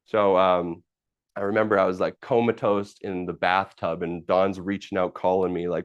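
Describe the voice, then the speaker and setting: A man's voice: low-pitched, flat delivery, normal speed, no echo. A man hosting a live stream, telling a personal story casually, rambling with fillers, restarts and the odd swear word.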